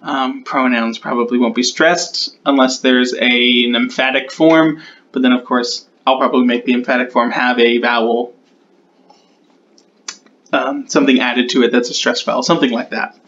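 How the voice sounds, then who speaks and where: A man talking through his own tutorial, thinking aloud and slowing down as he types out rules. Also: mid-range voice, steady tone, fairly bright tone, lo-fi sound. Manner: muses aloud, repeats test words, slows down while typing. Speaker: conlang creator.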